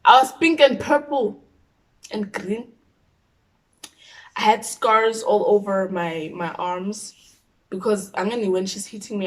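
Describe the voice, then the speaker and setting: A South African woman telling a personal story on her vlog, animated, dropping to a whisper when she quotes her own thoughts. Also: medium pitch, rough recording. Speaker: YouTuber.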